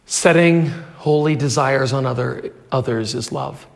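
A pastor preaching an earnest sermon, swinging from loud pleas to hushed prayer. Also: male voice, mid-range voice, a little slow, vocal fry, big-room sound.

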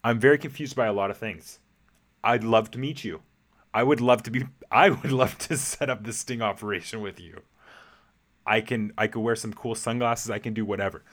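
A young man with a somewhat low voice hosts a casual podcast. He rambles playfully through a listener's message, with lots of "like" and "um" and frequent laughs. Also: moderate pace, fairly bright tone. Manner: playful, laughs often, many fillers. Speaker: podcast host answering voice messages.

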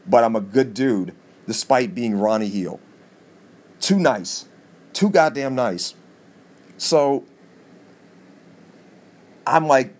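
A man hosting a podcast, telling a comic story in a profane, animated monologue with sudden jumps in pitch for emphasis. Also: moderate pace, long pauses. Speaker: podcast host.

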